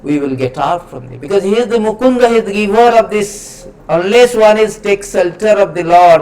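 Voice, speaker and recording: A male preacher with a high voice gives an emphatic, repetitive scripture lecture, chanting Sanskrit verses in between. The recording is rough.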